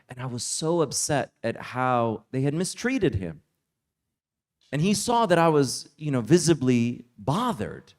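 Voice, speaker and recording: A man teaching at a religious retreat, telling a personal story in a relaxed, conversational way, full of "like" and "you know.". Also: medium pitch, measured pace. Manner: casual, conversational, heavy use of "like". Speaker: Islamic teacher. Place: summer retreat lecture.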